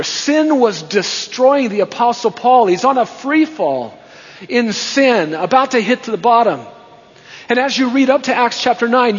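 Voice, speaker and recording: A man preaching a sermon, swinging between emphatic rises and hushed, quiet passages. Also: extremely high pitch, breathy edge. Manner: emphatic preaching, rising and dropping to hushed tones. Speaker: pastor. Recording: dull sound with long reverb in a hall.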